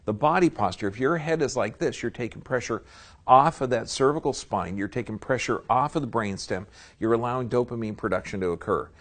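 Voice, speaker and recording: A man of ordinary pitch lectures a seminar audience in a folksy, emphatic way. He talks straight to the room and keeps checking that people are following him. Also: a little fast. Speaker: seminar speaker.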